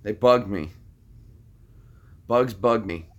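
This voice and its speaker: A man's voice: fairly low pitch, takes it slowly. A man hosting a casual chat, talking to his viewers in a rambling way full of anecdotes and repetitions. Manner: rambling, anecdotal, repeats himself.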